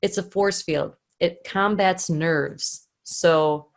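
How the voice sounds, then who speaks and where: Female vocal coach with a lowish voice, animated teaching delivery, acts out examples. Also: slow pace. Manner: animated, acts out scenes to illustrate. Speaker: singing coach. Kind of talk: online vocal lesson.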